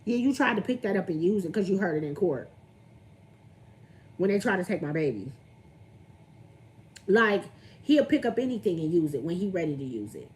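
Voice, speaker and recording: A woman's voice: on the low side, big pitch swings, moderate pace, long pauses, darkish tone, slight background noise. A young woman, venting candidly on her livestream and greeting viewers as she talks. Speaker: vlogger on a livestream.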